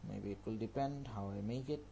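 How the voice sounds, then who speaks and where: A man's voice: fairly low pitch, fairly quick, creaky, a little hiss or hum, low-quality recording. A man teaching an online language course, previewing upcoming lessons in an informal, chatty way and thinking aloud as he goes. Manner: informal and chatty, talks a topic through out loud.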